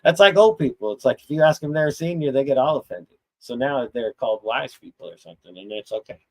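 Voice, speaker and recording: A man's voice: mid-range voice, lively intonation, fast talker, rough recording. A middle-aged man hosting a live chat stream, talking bluntly and profanely in a rambling, casual rant full of restarts.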